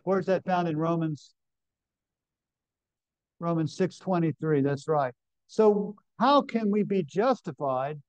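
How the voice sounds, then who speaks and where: A man's voice: on the high side, a little mellow, no room sound. A man preaching a sermon at a camp meeting, emphatic, reading scripture aloud and asking the congregation questions. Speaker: pastor. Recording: dull, lo-fi sound.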